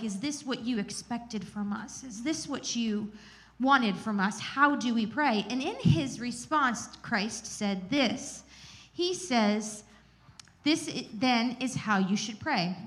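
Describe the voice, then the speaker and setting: A woman giving a candid, self-deprecating teaching talk at a church gathering, telling personal stories. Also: a little high.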